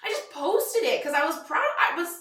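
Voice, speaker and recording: A woman's voice: very high-pitched, very animated, a little fast, sharp tone. A woman co-hosting a podcast, telling personal stories in a chatty way and laughing often. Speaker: podcast co-host. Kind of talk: casual comedic chat. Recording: echoey room, far from mic.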